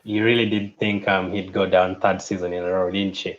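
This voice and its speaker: Man, co-host, casual chat, fairly low voice, steady, dull lo-fi sound. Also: brisk, background noise. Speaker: football podcast co-host.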